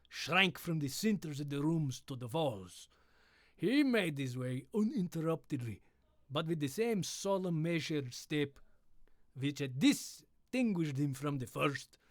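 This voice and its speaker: A man's voice: a little high, no echo, studio quality. A man reading a classic story aloud on a live stream, breaking off to joke with chat. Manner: playful, breaks off to riff and try silly voices.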